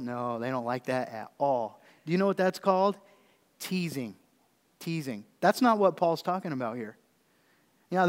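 Preaching man in a reverberant church. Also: fairly high pitch. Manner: preaching with questions to the congregation. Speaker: pastor. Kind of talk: sermon. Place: church sanctuary.

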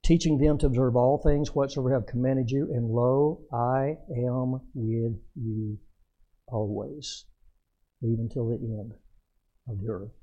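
An older man, a pastor, preaching a folksy, storytelling sermon that swells loud and then drops soft. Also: mid-range voice, fairly even intonation, a little slow, muffled recording.

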